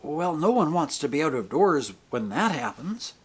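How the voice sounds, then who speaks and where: A man's voice: a little high, big pitch swings, moderate pace, breathy edge. A man reading the part of a fearful, secretive man who drops his voice to confide on a bus. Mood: furtive. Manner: hushed, secretive, uneasy. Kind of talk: audiobook character reading.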